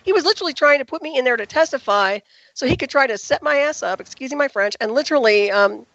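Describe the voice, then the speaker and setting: A woman with a slightly high voice talks very fast as a guest on a radio interview. Her delivery is emphatic and indignant. The recording is dull and lo-fi, with a dry, close sound. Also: expressive, fairly bright tone, dry recording.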